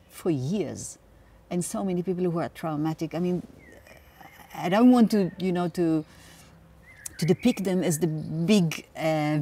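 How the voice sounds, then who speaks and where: A woman in her fifties from Israel with an Israeli accent, a native Hebrew speaker, answering interview questions in an earnest, halting way with many restarts. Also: mid-range voice, mellow, slightly rough. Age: 50s. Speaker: activist interviewee. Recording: voice a bit far from the mic.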